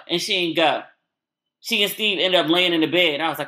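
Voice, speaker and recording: A woman's voice: on the low side, fast talker. A woman hosting her podcast in a casual solo chat, candid and blunt, who swears freely and acts out the people she talks about. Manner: animated retelling with acted-out quotes. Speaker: podcast host.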